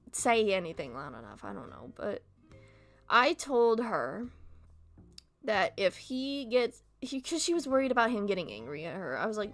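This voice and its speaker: Young woman, casual chat, slightly high voice, candid and sweary, stumbles over words from a speech impediment; faint music underneath. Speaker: streamer chatting with viewers.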